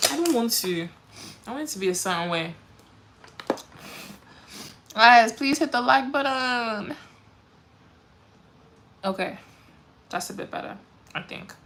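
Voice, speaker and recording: A woman's voice: medium pitch, animated, takes it slowly, vocal fry, long pauses, a bit bright, a little hiss or hum. A woman, chatting animatedly while doing her makeup on a livestream, full of quoted voices and laughter. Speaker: beauty livestream host.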